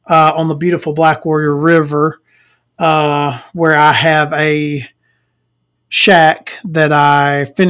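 Tired, rambling man with a higher voice. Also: a bit bright. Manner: rambling and joking, with many fillers. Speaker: podcast host. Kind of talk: casual solo podcast monologue. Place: small dark room at home. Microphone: desk microphone.

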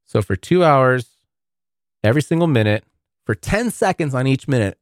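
A man's voice: medium pitch, animated, moderate pace, no room sound, clean studio sound. A man hosting a podcast, rambling through a casual monologue full of profanity. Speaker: podcast host.

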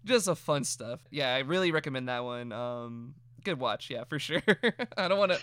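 Upbeat male host, smooth voice. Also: mid-range voice, animated, moderate pace, fairly bright tone, dry recording, clean studio sound. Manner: upbeat, laughs often. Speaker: podcast host. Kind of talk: casual podcast chat.

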